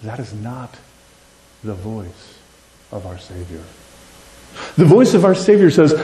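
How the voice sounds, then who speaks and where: A man's voice: medium pitch, very animated, a little slow, pauses often, roomy sound, noisy background. A man preaching a sermon to a congregation with passion, often asking them questions and checking they are with him. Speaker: pastor. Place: church sanctuary.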